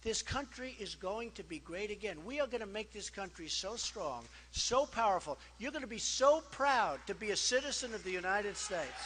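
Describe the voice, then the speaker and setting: A man giving a campaign rally speech as a political candidate. He is boastful and rambling, repeats himself, and swings between loud declarations and quiet asides. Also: sits high, animated, normal speed, hardly any pauses, background noise. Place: rally crowd.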